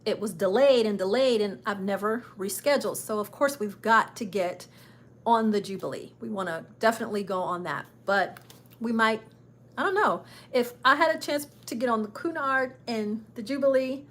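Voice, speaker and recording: A middle-aged woman chatting casually on a travel livestream, a little nervous and self-deprecating. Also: mid-range voice. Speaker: travel vlogger and travel agent.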